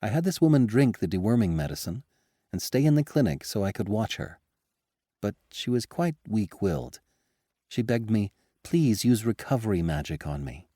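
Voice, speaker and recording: Male narrator doing a composed woman doctor, mellow tone, careful delivery. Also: fairly low pitch, big pitch swings, normal speed, dry recording, studio quality. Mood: explaining. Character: female doctor, adult, earnest and composed.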